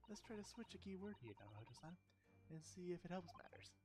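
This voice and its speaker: A man voicing a polite, gentle young woman legal assistant in a soft, courteous, formal way. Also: high voice, very animated, a little fast, voice pushed up. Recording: game music playing behind.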